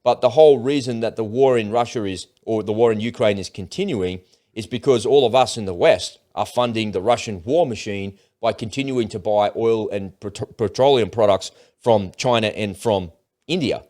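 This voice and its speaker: A man's voice: fairly low pitch, normal speed, a little mellow. A man hosting a show, talking through the news in a chatty, rambling way with restarts. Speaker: host. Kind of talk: casual political commentary.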